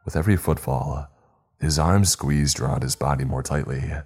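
A man reading a horror story aloud in a measured, steady narration. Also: extremely low pitch, breathy edge, soft background music.

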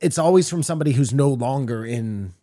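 A man's voice: medium pitch, lively intonation, fairly quick, mellow, dry recording. Podcast guy, mid voice, dry, keeps asking why and stumbling over his words. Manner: questioning, hesitant, many restarts and fillers. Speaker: podcast co-host. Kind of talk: casual chat.

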